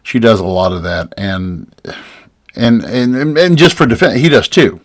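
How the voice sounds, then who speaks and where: A man hosting a political podcast in casual chat, animated, with frequent stammering restarts. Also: medium pitch, unhurried, dry recording, clean studio sound. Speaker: podcast host.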